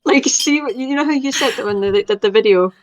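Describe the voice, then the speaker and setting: A woman's voice: on the high side, fast. A young woman co-hosting a podcast, chatting casually and making fun of herself. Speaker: podcast co-host. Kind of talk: casual chat. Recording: slightly dull sound.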